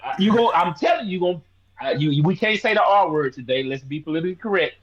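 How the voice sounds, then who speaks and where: Animated, swearing man in his thirties. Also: high voice, quick pace, dull audio. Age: 30s. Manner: loud, animated, swearing banter. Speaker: podcast co-host. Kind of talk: casual sports chat.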